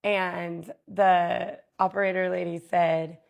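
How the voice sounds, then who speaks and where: A woman vlogger telling a personal story in a candid, halting way, with many pauses and fillers. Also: fairly low pitch, flat delivery, creaky.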